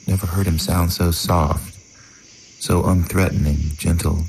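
A man performs rhythmic spoken word, striking each phrase in measured beats. Faint noise hums under the recording. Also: very deep voice, fairly even intonation, vocal fry, a little mellow, rough recording. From North Carolina. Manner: rhythmic, declamatory.

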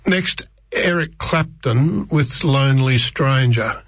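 A man's voice: mid-range voice, takes it slowly, no echo. An older man, presenting tracks on the radio in a rambling, chatty way with many restarts. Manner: rambling, digressive, with frequent restarts. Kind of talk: casual radio track introductions.

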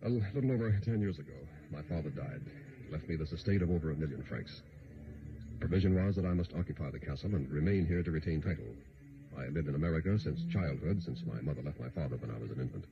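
An anxious castle count who stumbles over his words in his urgency. His voice is extremely deep and gravelly. The dull, faintly hissing sound is that of an old radio broadcast. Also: heavily acted. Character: nervous haunted male count, castle owner. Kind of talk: 1940s radio acting.

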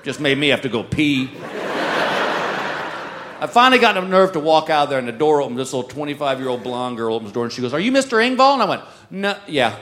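A middle-aged man telling an exasperated comic story on stage in an animated, drawling way. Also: medium pitch, fast, very noisy. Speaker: stand-up comedian. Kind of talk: stand-up storytelling.

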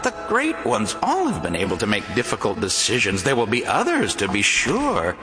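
An actor playing a scheming, menacing male tempter in an audio drama, slow and commanding, dropping to a hush and rising loud. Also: medium pitch, wildly swooping pitch. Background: music.

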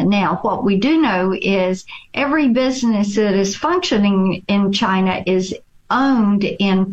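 Slow, deliberate woman politician. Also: medium pitch, highs cut off. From Tennessee. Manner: slow, deliberate, piles up repeated phrases. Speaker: politician guest. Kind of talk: interview answers.

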